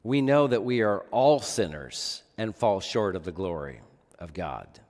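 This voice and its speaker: A man's voice: on the low side, lively intonation, a little slow, a little mellow. A man preaching a sermon as pastor, earnest, often asking the listeners rhetorical questions. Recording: long reverb of a large hall.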